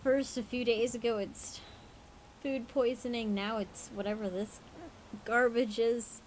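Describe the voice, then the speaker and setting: A woman hosts a livestream, reading spooky stories aloud and stopping for frank, profane chat with laughing asides while she's tired and has the hiccups. Her voice is fairly high and darkish, with fairly even intonation and an unhurried pace; the audio is poor with slight background noise.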